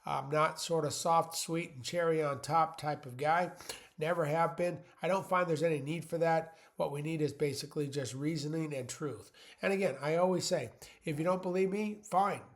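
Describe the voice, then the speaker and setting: A man's voice: on the high side, moderate pace. A man hosting his own channel, talking blunt and plain-spoken in a rambling motivational monologue. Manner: rambling, many fillers and restarts. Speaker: channel host.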